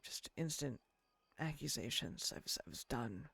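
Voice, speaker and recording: A woman's voice: a bass voice, animated, moderate pace, vocal fry, a bit bright, breathy edge, no room sound. A woman chatting in character during a roleplay game, telling a long story that rambles and is full of swearing. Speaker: roleplayer voicing her character.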